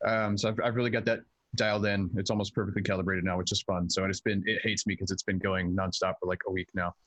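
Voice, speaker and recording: A man's voice: sits low, little pitch movement, quick pace, a bit bright, dry recording. A man, a tabletop game player, chatting casually at home, rambling with many fillers and swearing. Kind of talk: casual chat.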